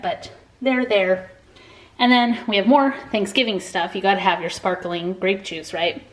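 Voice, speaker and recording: A chatty woman talking straight to her viewers in a relaxed, friendly vlog. She speaks at a middling pitch and walks through what she is showing in an easygoing, conversational way. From United States. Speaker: family vlogger. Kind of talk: casual vlog chat to camera.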